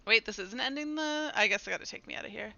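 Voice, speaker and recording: A woman's voice: on the high side, fast, creaky, bright, forceful tone, no room sound. A woman streaming a game, chatting playfully with her viewers and her pet in a casual commentary style. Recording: dull lo-fi stream audio.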